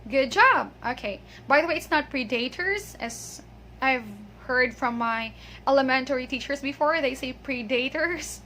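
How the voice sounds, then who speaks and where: A woman with a bright, high voice leads a pronunciation lesson straight to the viewer. She talks in a patient, chatty way, saying words first and having the listener repeat, with fillers and small laughs along the way. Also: moderate pace, a little hiss or hum. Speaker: English pronunciation teacher.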